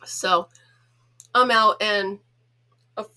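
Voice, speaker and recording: A woman's voice: mid-range voice, drawn-out words, bright, forceful tone. A middle-aged woman from the United States hosting a casual home chat vlog, talking in a chatty, giggly, self-teasing way. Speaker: host.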